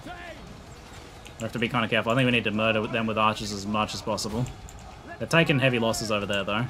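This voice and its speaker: An Australian man narrating and commentating a strategy game he plays, excitable and laughing often, shouting battle orders at his troops. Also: on the low side, brisk. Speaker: gaming YouTuber. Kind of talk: let's play commentary and narration.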